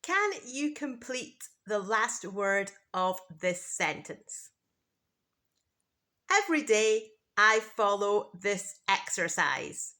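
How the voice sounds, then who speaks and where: Slow, bright-voiced teacher woman. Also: medium pitch, sing-song. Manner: repeats each word slowly and clearly, contrasting pronunciations. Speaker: English pronunciation teacher. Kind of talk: slow, deliberate scripted teaching.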